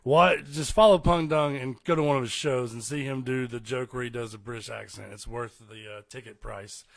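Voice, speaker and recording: Gravelly man hosting a podcast. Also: medium pitch, fairly even intonation, brisk. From East Texas. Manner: rambling, chuckles often. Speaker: podcast host. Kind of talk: casual interview chat.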